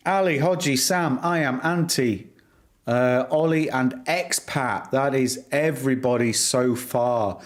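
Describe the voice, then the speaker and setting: Middle-aged male livestream host, slow, easy banter with viewers. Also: medium pitch. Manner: bantering, teasing viewers by name. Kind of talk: casual live-stream chat.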